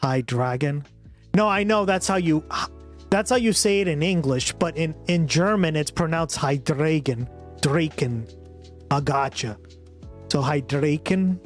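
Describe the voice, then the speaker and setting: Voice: medium pitch, normal speed, soft background music. A live streamer chatting casually with viewers, teasing, swearing and reacting to videos.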